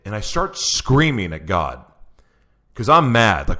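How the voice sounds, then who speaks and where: A man's voice: on the low side, big pitch swings, normal speed, bright, forceful tone. A man who is a guest on an interview show, telling a personal story in an earnest way, with many restarts. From Oklahoma.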